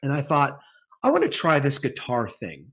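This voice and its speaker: A middle-pitched man in his forties chats through his life in music. He rambles from one memory to the next and laughs often as he talks. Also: huge pitch swings, normal speed, fairly bright tone. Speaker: guest musician. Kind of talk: casual interview.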